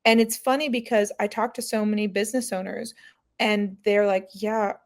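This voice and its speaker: A woman's voice: mid-range voice, level tone, moderate pace. A woman guest on a podcast, chatting casually and telling anecdotes that quote other people. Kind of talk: casual conversational interview.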